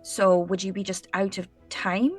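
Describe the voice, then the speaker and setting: A woman's voice: mid-range voice, level tone, moderate pace, slightly rough, faint music behind. A woman playing a tabletop game, upbeat and laughing, thinking aloud through plans. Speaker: player. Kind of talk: tabletop role-play, in and out of character.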